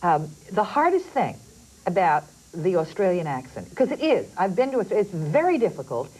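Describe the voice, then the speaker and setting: A woman's voice: fairly low pitch, sing-song, moderate pace, a little mellow, slightly rough, poor audio. A woman host interviewing guests in a TV studio, chatty, often repeating words as she steers the conversation. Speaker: TV talk show host. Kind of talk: casual TV interview.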